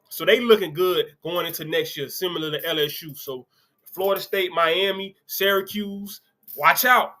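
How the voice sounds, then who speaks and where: A man hosts a casual sports stream, chatting freely and tossing in side comments. His voice sits a little high and rings bright and forward. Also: normal speed. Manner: loose, conversational, reads comments aloud with asides. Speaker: sports show host.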